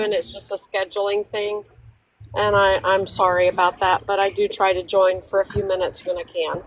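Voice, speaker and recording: A woman's voice: mid-range voice, low-quality recording. A middle-aged woman with an Oklahoma accent, calling into a live stream to chat earnestly and kindly. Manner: earnest, apologetic, friendly. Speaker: caller.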